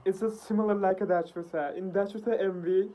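A woman with hosting a music video reaction, gasping, laughing and swearing excitedly. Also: medium pitch, fairly quick.

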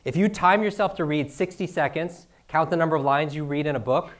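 Man, middle-aged, energetic seminar talk, constant "right?", rather high-pitched. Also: a little fast. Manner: rhetorical questions, frequent "right?". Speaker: speaker teaching speed reading. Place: room with a live audience.

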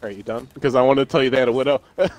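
A man's voice: mid-range voice, fairly even intonation, rapid-fire, dry recording. A young man chatting casually as a co-player while gaming, laid-back with dry remarks. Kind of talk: casual gameplay chat.

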